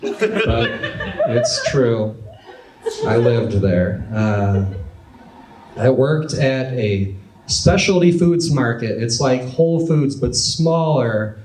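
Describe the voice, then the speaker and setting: A young man in his twenties doing a stand-up comedy set with a dry, deadpan delivery in a club. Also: medium pitch, takes it slowly. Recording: echoey club with audience laughter. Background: crowd laughter.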